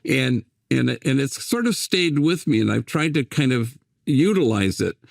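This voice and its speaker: An older man from the United States talks in a gentle, musing way, often stopping and starting again mid-thought. His voice has a gravelly, creaky texture, and the sound is dry and close. The pitch sits in an ordinary middle range. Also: expressive, dry recording. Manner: gentle, musing, halting with many restarts. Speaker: priest and guest. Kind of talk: reflective interview storytelling.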